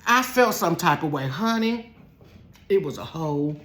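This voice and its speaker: A woman from Ohio telling a storytime from her bedroom. She talks straight to her viewers in a casual, chatty way, calling them "y'all" and "honey". She moves from hushed asides to loud, laughing outbursts. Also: low-pitched, expressive, measured pace. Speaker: storytelling vlogger.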